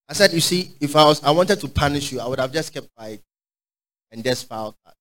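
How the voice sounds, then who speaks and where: A man preaching a sermon, fervent and call-and-response, swinging from shouts to quiet asides. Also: a little high, animated, a little fast, low-quality recording.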